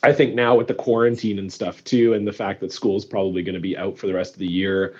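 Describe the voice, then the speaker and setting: A man's voice: sits low, flat delivery, fast, darkish tone, husky. Rambling man on a muffled line. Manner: rambling, restarts, sarcastic storytelling. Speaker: comedian and teacher, podcast guest. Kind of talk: casual podcast chat.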